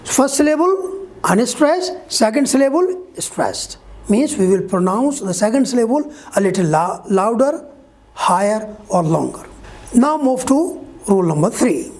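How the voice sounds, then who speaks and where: A woman's voice: on the high side, big pitch swings, measured pace, a little mellow. A woman teaching a pronunciation lesson, explaining rules step by step, spelling out letters and checking with "Okay?". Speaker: English teacher. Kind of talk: online grammar lesson.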